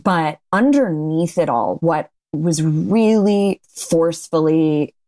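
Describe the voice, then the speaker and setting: Woman guest on an interview show. Low voice, candid, laughs easily. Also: expressive, slow, mellow. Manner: candid, laughs often, restarts mid-sentence. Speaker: podcast guest. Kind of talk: casual interview chat.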